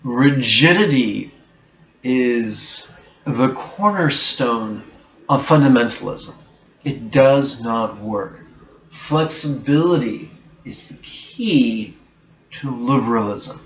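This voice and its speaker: A male meditation teacher gives a reflective talk at a middle pitch, speaking very slowly and deliberately with blunt emphasis, yet sounding animated and a bit bright. His voice echoes in the room, and the audio is dull and slightly muffled with a faint hiss underneath.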